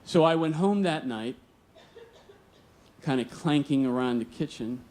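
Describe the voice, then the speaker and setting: A man's voice: mid-range voice, a little slow, darkish tone. Male live storyteller, earnest and vivid, voices the dialogue himself. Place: stage at a museum storytelling event.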